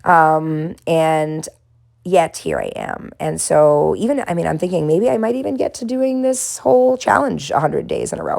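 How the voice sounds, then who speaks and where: A woman with a faint Boston accent talks through her painting in a low, mellow, gravelly voice. She reflects gently and encourages her viewers, and laughs at herself now and then. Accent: faint Boston, mostly smoothed out. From Boston area. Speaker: art vlogger and therapist. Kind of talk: casual reflective talk while painting.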